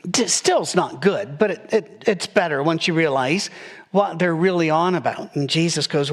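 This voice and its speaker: A man preaching a sermon, his voice sitting a little high for a man. He talks to the congregation in a loose, conversational way and drops in quick jokes and asides. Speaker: pastor.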